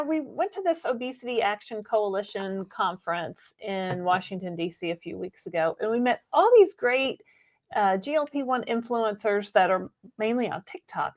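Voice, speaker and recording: A woman co-hosting a casual livestream, animated and teasing. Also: fairly high pitch. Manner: animated, laughs easily, teasing. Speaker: co-host.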